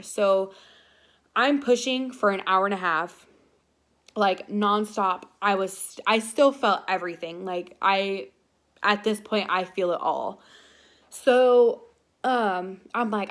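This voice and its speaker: A young woman speaking casually to her viewers at a mid-range pitch for a woman. She tells a personal story in a loose, chatty way, full of fillers and little restarts. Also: slow. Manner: chatty, filler-heavy, animated retelling. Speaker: vlogger.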